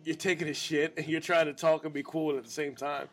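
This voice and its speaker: A man's voice: fairly high pitch, flat delivery, brisk. A man co-hosting a podcast live in a bar, joking and swearing in casual chat. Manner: joking, swearing, laughs a lot. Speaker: podcast co-host and comedian.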